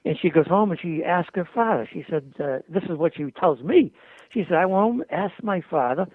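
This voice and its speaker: Older male guest, raised voice, spins lively anecdotes, dry tinny phone-like sound. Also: high-pitched, normal speed, no echo. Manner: colorful, animated anecdotes with quoted dialogue. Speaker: interview guest. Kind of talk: storytelling in a conversation.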